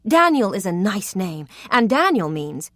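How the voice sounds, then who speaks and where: A woman voicing a young gentleman who speaks cautiously and properly, a little flustered. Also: mid-range voice, very animated, unhurried, dry recording, clean studio sound.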